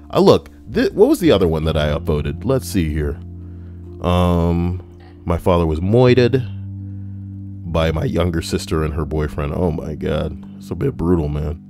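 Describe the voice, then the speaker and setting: A man's voice: low-pitched, sing-song, moderate pace, a little mellow, soft background music. A man streaming casual commentary while reading online posts, rambling with crude, sarcastic asides.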